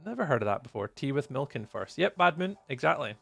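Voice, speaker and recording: A man's voice: on the high side, very animated, quick pace, gravelly, fairly bright tone, no echo, soft background music. A Scottish man chatting casually with viewers while commentating a live game stream. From Scotland. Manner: friendly, chatty, greets viewers by name.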